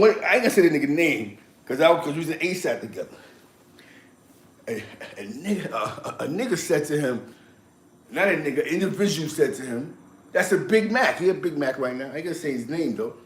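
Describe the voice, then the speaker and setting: A man telling street and prison stories in casual chat, acting out other people's lines with lots of laughter. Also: on the high side. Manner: animated, laughing, acts out quotes. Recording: echoey room.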